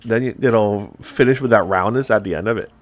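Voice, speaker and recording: A man's voice: lowish voice, a little fast, a little hiss or hum. Middle-aged man chatting while he paints. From upstate New York. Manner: rambling, chatty explanations. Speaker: miniature painting host. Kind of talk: casual chat while painting.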